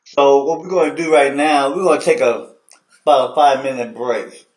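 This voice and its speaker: A man hosting a casual sports chat show, telling stories in an animated, slangy way. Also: medium pitch, moderate pace. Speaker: host. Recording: echoey room, distant mic.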